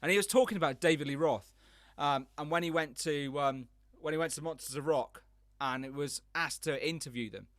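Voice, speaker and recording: Guy, bright forceful voice, dry close sound, rambly excited chat. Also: on the high side, fairly quick, dry recording. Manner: enthusiastic, rambling storyteller. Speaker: podcast host. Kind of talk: casual chat.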